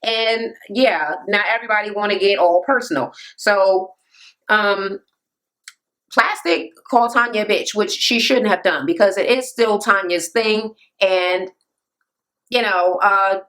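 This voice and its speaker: A woman giving a loose, animated, profane recap of a reality TV episode, with lots of ums and uhs. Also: medium pitch, a little slow. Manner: animated, profane, jumps into quoting people. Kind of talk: casual recap commentary.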